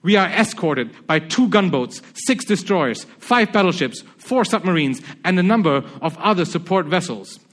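A man reading the part of a pompous American navy captain in his normal voice, loud and commanding, within a sermon. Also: high-pitched, animated, moderate pace, hardly any pauses, voice pushed up. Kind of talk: reading a story aloud in a sermon.

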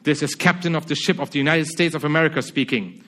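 A preacher voices a pompous navy captain, commanding and loud, in a somewhat high voice. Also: male voice, fast. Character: pompous American navy captain, adult man. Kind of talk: reading a story aloud in a sermon.

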